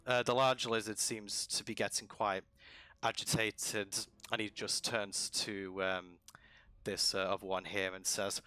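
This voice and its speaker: A man running a tabletop game as dungeon master, narrating at a relaxed pace with many pauses and ums. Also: fairly low pitch, clear, resonant tone, dry recording.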